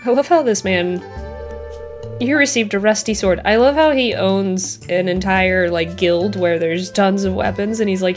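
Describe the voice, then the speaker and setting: A woman's voice: medium pitch, measured pace, faint music behind. A woman hosting a casual let's-play, chatting, reacting with laughs and talking to game characters, recorded on a headset mic at home. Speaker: gaming channel host. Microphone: headphones with mic.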